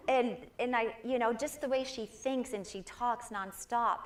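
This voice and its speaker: A woman's voice: fairly high pitch, measured pace. Older woman telling personal stories. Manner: personal storytelling, warm and earnest, with quoted voices. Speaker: guest speaker. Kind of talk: inspirational talk to a congregation.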